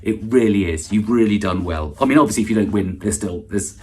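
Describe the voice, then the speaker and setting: A man's voice: lowish voice, brisk, warm tone, slight background noise. A middle-aged man hosting an online awards ceremony with a dry, self-deprecating stand-up monologue, full of false starts and asides. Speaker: awards host and comedian.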